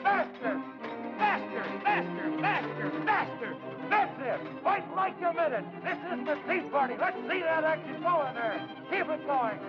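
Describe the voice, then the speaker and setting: An actor playing a director who yells urgent orders at a sword fight on set. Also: male voice, very high voice, lively intonation, unhurried. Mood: yelling. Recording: dull old film soundtrack, loud music.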